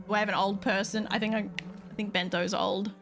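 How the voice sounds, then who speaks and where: A young woman streaming a game, reacting loudly, swearing and talking to her chat, with game music behind her. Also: mid-range voice, fairly quick. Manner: excitable, swears a lot, talks to chat. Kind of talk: live gameplay commentary.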